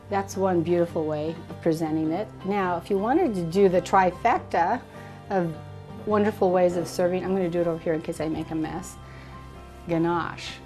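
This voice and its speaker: Middle-aged woman, low-pitched, chatty kitchen host demoing a recipe over faint music. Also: a little mellow. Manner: chatty and enthusiastic, thinks aloud. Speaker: cooking show host. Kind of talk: casual cooking demonstration.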